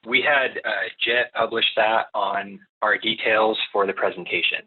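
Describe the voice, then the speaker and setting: A man's voice: lowish voice, fairly even intonation, measured pace, breathy edge. A man hosting a webinar, reading out a speaker's introduction. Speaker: chapter host. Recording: tinny phone-like line.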